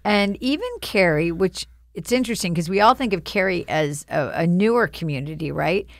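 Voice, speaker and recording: A woman's voice: lowish voice, moderate pace, dry recording, studio quality. A woman hosting a podcast, reacting with curiosity and prompting her guest with questions in casual chat. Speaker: podcast host.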